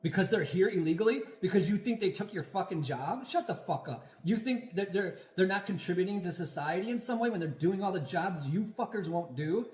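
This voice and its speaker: A man's voice: high-pitched, expressive, a little fast, hardly any pauses, darkish tone. Angry ranting man in an echoey room. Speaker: podcast co-host. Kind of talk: casual chat.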